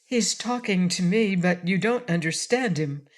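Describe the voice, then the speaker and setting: A woman's voice: fairly low pitch, animated, a little slow. A woman reading a frank woman cookie cook. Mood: earnest.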